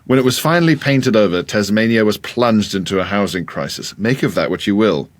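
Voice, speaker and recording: Lowish male voice, animated pitch, dry comic reader of listener mail, casual podcast co-host. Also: fairly quick. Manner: dry, playful delivery; animated when reading aloud. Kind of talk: casual comedy podcast chat, reading listener emails aloud.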